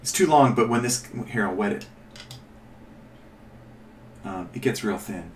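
A man's voice: on the low side, expressive, measured pace, a little hiss or hum. A man hosting a casual miniature painting tutorial, chatting and thinking aloud as he rambles and corrects himself. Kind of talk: casual show-and-tell tutorial. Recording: echoey room, mic at a distance.

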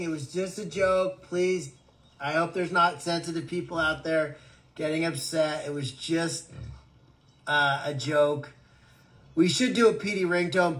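A man's voice: high voice, fairly bright tone. A man hosting a casual livestream from an animal sanctuary, answering viewer comments in a joking, rambling way with stammered restarts.

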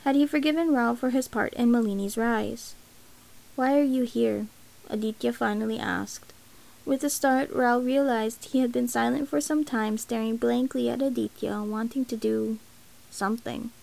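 A woman reads a novel aloud in a steady, even way. Her voice is a touch high and has a gravelly texture. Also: moderate pace, poor audio. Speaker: narrator. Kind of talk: audiobook reading of a novel.

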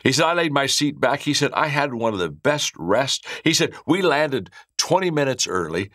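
A man's voice: mid-range voice, very animated, moderate pace, a bit bright, no echo, studio quality. A man giving a motivational leadership talk, telling stories and acting out the characters' lines, often repeating words as he restarts. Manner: frequent word repeats and restarts. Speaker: leadership speaker.

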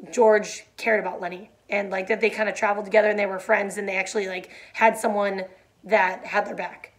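Woman, reading a novel aloud, quiet and even, then chatty explanation with fillers. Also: medium pitch. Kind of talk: read-aloud and plain explanation.

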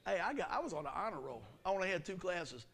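A middle-aged man preaching a sermon in a folksy, animated way, his pitch and volume jumping often. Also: quick pace, vocal fry. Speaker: pastor.

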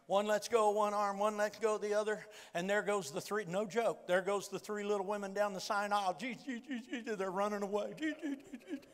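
West Virginian man, Pentecostal pulpit preacher; very high-pitched, quick delivery, emphatic and repetitive, long church-hall reverb. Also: flat delivery, clean tone. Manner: emphatic, repetitive, rising to shouted declarations. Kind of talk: fervent Pentecostal sermon storytelling. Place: large church sanctuary.

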